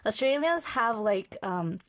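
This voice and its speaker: A woman's voice: on the high side, lively intonation, unhurried. Curious, hesitant woman studio guest. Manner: curious, hesitant, many fillers. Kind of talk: casual radio chat. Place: radio studio.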